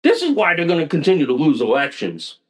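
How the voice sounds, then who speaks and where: A man's voice: a little high, huge pitch swings, fast. A male podcast host delivering a profane, repetitive, combative political rant, speaking directly to his listeners. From Connecticut. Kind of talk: ranting political commentary.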